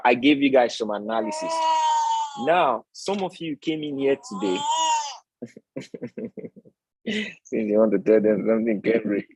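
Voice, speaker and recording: A man's voice: medium pitch, husky, no room sound, rough recording. A man hosting a live-stream trading lesson, preaching his points and tagging them with rhetorical questions. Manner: preachy, repeats tag questions like "all right?"; asks the audience rhetorical questions. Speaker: trading educator and stream host.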